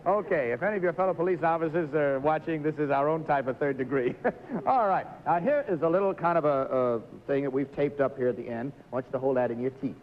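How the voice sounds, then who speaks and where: Cheery game show guy with a lively bouncy voice, walking contestants thru stunts, muffled old tv sound. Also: on the high side. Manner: jovial, coaxing, walks contestants through stunts. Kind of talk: live studio game show hosting. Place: television studio with audience. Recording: dull lo-fi 1950s TV recording, faint hiss.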